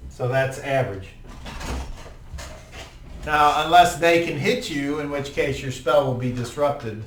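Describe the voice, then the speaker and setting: A man's voice: a little high, measured pace, fairly bright tone, a little hiss or hum. A man running a tabletop game as game master, narrating attacks in a laid-back, profane, vivid way. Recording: roomy, distant mic with faint ambience.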